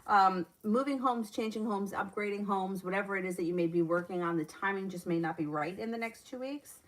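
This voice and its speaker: A woman's voice: medium pitch, a little fast. A woman reading viewers' questions aloud and answering them as a tarot reader on a live stream, chatting and laughing between readings.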